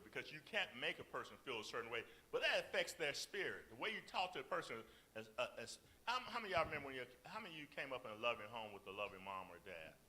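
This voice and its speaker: A man preaches to a church convocation with a strikingly bright, ringing voice that swoops up and down as he acts out snippets of speech. He keeps turning to the congregation with questions, rising high for emphasis. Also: a little hiss or hum, rough recording. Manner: animated, acts out quoted speech in sharp voices. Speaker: minister leading a marriage session. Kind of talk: church teaching.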